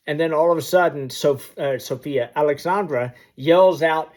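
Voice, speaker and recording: Unhurried and darkish in tone, a man's voice sits on the high side as he tells a personal anecdote to the camera. He is a motivational storyteller, vivid and heavy on sound effects, trying to inspire.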